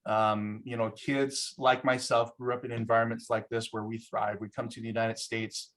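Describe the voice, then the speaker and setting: A man's voice: medium pitch, little pitch movement, moderate pace, a bit bright. Brief: man, casual course presenter, chuckling, filler-heavy storytelling. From Samoa.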